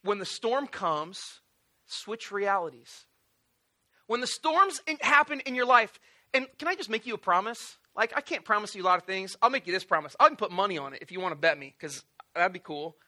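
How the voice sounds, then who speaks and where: A male pastor preaching a sermon in an animated, joking storytelling way, acting out little voices. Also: sits high, a little fast.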